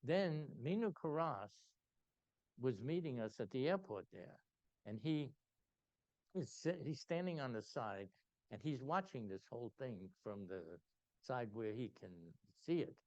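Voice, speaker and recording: An older man telling a personal story to a gathering, animated and full of restarts. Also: mid-range voice, measured pace, no echo, dull audio. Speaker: invited speaker.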